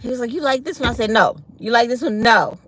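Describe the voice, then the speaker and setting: Animated woman telling a story. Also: a little high, quick pace, very noisy. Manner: animated, laughs often, quotes others. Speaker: vlogger. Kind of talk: casual storytelling.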